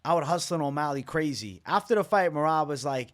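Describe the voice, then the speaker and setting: Male fight-show host with a slightly higher voice. Casual, profane, opinionated breakdown, worn out at an early hour. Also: lively intonation, brisk. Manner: loose, opinionated, swears freely. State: tired, up very late. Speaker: MMA reaction channel host.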